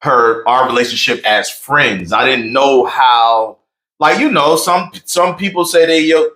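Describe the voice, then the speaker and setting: A high-energy man, telling stories animatedly in a casual conversation about his marriage, with loud bursts. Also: unhurried, rough recording. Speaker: married guest on relationship talk.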